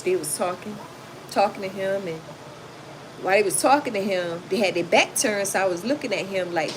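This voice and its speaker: A woman hosts a noisy home livestream, reading chat comments and telling casual stories to her viewers. Her medium-pitched voice is loud and animated, and she speaks straight to the audience, calling them "y'all."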